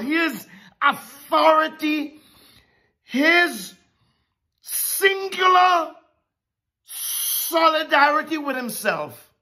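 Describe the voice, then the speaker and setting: A woman preaching a sermon, emphatic and drawn-out with dramatic pauses. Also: sits high, pushed and bright.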